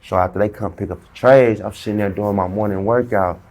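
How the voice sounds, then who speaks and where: A man's voice: fairly low pitch, steady tone, brisk, a little mellow. A man in a casual interview, telling a story heavy with slang and acting out the dialogue himself. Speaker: interview guest.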